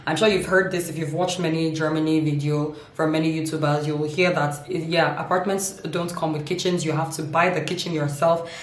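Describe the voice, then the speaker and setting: A playful woman vlogger with a somewhat low voice talks straight to her camera, laughing often and stretching words out for comic effect. The sound bounces around an echoey room at home. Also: flat delivery, a little fast. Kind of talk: humorous casual vlog.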